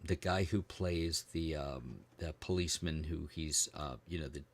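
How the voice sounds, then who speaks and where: With a very deep voice at a moderate pace, this middle-aged man from the United States co-hosts a podcast. He rambles and cracks jokes in relaxed conversation, often trailing off into ums as he hunts for the right word.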